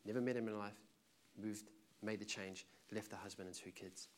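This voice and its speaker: A man's voice: fairly low pitch, steady tone, moderate pace. A man preaching a sermon with passion and emphasis, telling a story to make his point.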